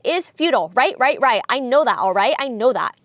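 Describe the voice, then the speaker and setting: A woman voicing a cowardly teenage boy swordsman, loud, frantic and exasperated. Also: on the high side, big pitch swings, fast talker, dry recording. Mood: panicked.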